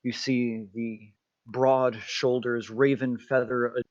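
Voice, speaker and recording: Male game master, deliberate narrator, dry and slightly lo-fi. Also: medium pitch, level tone, dry recording. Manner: descriptive, unhurried narration. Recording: dull lo-fi mic.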